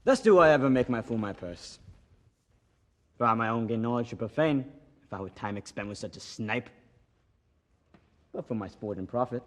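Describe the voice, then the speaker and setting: An acting student playing Iago, a scheming villain, in a Shakespeare monologue that swings between hushed plotting and loud outbursts. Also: male voice, medium pitch, expressive, moderate pace, long pauses, natural voice.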